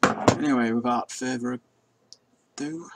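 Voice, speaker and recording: This drone pilot vlogger talks through a simulator flight at an indoor table, his mid-range voice measured and touched with vocal fry. Heavy background noise sits under his casual, self-mocking commentary, which has occasional swearing.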